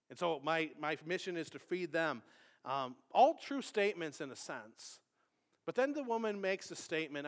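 Preacher, male, a bit higher pitched, relaxed explanatory sermon with many restarts. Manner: conversational, halting with repeated restarts.

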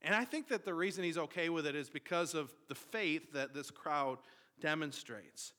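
A man's voice: fairly high pitch, normal speed, pushed and bright. A man in his thirties preaching a sermon, reading scripture and then telling a casual personal story with fillers and restarts. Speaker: pastor.

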